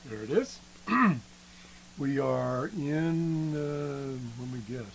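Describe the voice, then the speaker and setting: A man slowly demonstrating an old radio, halting often and clearing his throat, his voice worn from being sick. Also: mid-range voice, expressive, slight background noise, rough recording. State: losing his voice after illness. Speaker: radio hobbyist video host. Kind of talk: casual show-and-tell demo.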